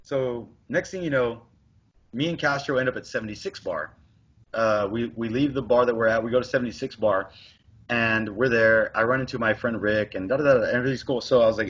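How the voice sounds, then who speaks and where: A man's voice: mid-range voice, brisk. A man telling a rambling, profane story on a casual podcast, acting out the other people in it. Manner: profane, rambling, animated retelling with quoted dialogue. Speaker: podcast co-host. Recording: dull lo-fi podcast audio.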